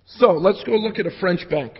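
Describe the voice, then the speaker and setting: A man giving a live technical talk at a conference, casual and joking with the audience, hoarse from losing his voice. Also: high-pitched, moderate pace. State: losing his voice from jet lag. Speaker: security conference speaker. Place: conference hall. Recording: lo-fi hall recording with long reverb.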